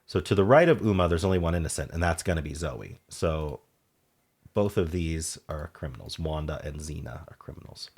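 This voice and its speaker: Low-voiced man musing over puzzles. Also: expressive, brisk, creaky, breathy edge. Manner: muses half to himself, trails off, sudden brighter asides. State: sore throat. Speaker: puzzle game streamer. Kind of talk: casual thinking aloud while solving puzzles.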